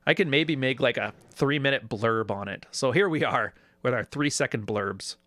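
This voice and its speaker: A YouTube commentator with a mid-range voice keeps a moderate pace, with no room sound in the recording. The man offers casual, sarcastic reactions to video clips, animated in delivery and often quoting others in mocking voices.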